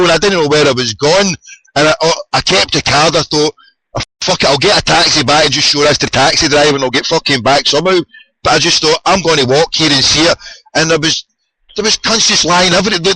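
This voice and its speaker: A Scottish man telling football-trip stories in a sweary, excitable casual chat. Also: fairly high pitch, breathy edge, no echo, poor audio.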